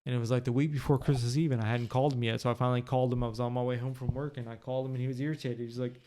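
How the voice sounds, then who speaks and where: A man's voice: mid-range voice, little pitch movement, racing, mellow. A man talking as a podcast guest in his home, telling a personal story in a blunt, profane, rambling way. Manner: blunt and profane, with many fillers. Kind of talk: candid conversational storytelling. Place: living room of his home.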